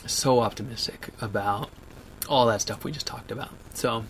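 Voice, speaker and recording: A man in his thirties hosting a livestream, reading viewer comments aloud and talking through them, choked up and laughing through tears, with halting restarts. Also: mid-range voice, a little hiss or hum. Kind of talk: emotional casual livestream chat.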